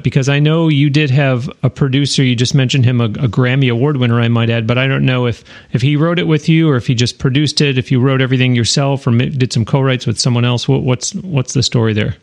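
A man hosting an interview podcast, chatty and quick to laugh. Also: medium pitch. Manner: chatty, laughs often, upbeat. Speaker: podcast host. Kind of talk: casual interview.

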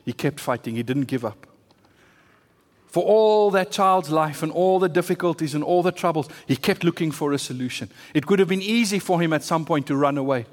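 A man's voice: fairly high pitch, fairly quick. A man preaching a sermon as pastor, pressing his points with emphatic repetition and rising bursts. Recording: long hall reverb.

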